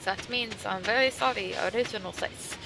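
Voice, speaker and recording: A woman's voice: mid-range voice, moderate pace, creaky, noisy background, lightly acted. A woman voicing a haughty grand lady in a put-on German accent, speaking in lordly, theatrical phrases.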